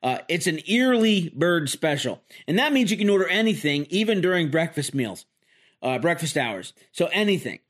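A man in his forties running a solo podcast, joking his way through a loose, rambling monologue. He pokes fun at himself as he goes. His voice sits a bit higher than most men's. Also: big pitch swings, normal speed, a bit bright. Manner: rambling, self-deprecating joking. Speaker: podcast host. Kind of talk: casual comedic monologue.

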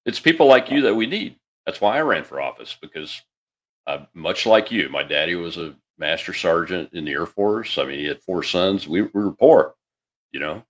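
Host, middle-aged man, very low voice, folksy and halting. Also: lively intonation. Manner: folksy, halting advice full of fillers. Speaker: show host. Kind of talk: casual call-in talk.

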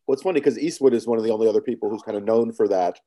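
A man's voice: on the low side, racing, dark tone. A man hosting a conversational interview in a jokey manner, laughing easily as he asks questions. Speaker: interviewer, podcast host.

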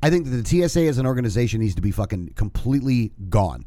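Profane, animated man ranting in chat. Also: mid-range voice, quick pace, no room sound. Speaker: podcast co-host. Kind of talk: casual chat.

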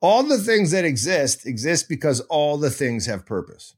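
A man's voice: fairly high pitch, big pitch swings, normal speed, husky. A man hosting a podcast, teaching in a casual, digressive and self-mocking way, breaking into goofy sound effects. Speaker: podcast host.

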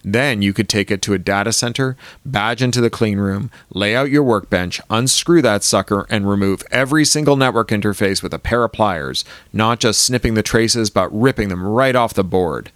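A man's voice: on the low side, normal speed, hardly any pauses, a bit bright, no room sound, lightly acted. A man voicing a wry, paranoid middle-aged tech founder in an audiobook reading.

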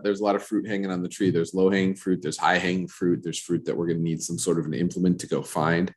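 A deep-voiced man talks into a studio microphone on his own podcast. He rambles in self-mocking, repetitive riffs, his voice a little stuffy and froggy from allergies. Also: flat delivery, quick pace, hardly any pauses, darkish tone. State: congested from allergies, a bit froggy. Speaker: podcast host. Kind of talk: casual solo podcast chat.

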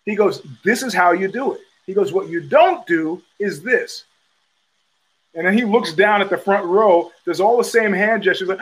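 A man's voice: sits high, a bit bright, poor audio. A middle-aged man hosting a podcast, talking in a profane, rambling casual monologue full of restarts. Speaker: podcast host.

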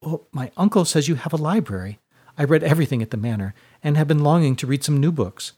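A prim young noblewoman, read by a male storyteller close to his own voice, formal and polite. Her speech stays measured with a lively lilt. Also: on the high side. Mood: hopeful. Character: proper, reserved young country noblewoman.

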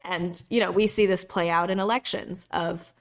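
A woman's voice: lowish voice, fairly even intonation, normal speed. A woman from North Carolina talking in a casual podcast conversation, earnest and reflective, often repeating her phrases. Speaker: podcast speaker.

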